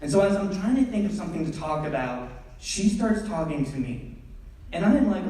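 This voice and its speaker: A young male stand-up comedian tells a story on a theatre stage, animated and acting out scenes, his voice swooping high and low at normal speed. He's picked up far from the mic, so the echoey theatre comes through.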